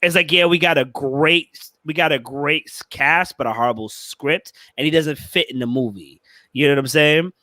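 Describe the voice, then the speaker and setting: A man's voice: a little high, normal speed, bright, forceful tone, no echo. A man sharing his opinions as a panelist in a casual podcast chat, talking straight to the group.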